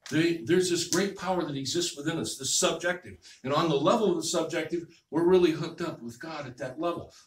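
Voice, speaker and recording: Relaxed man preaching in an echoey hall. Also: on the high side, brisk, hardly any pauses. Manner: conversational, repeats phrases, checks in with "okay?". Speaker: minister. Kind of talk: sermon. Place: church hall. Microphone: distant room mic. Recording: echoey hall, distant mic, faint noise.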